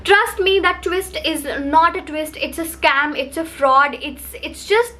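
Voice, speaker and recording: A woman's voice: high voice, a little slow, sharp tone. A woman reviewing a book to camera, talking in a heated, emphatic rant full of repetition.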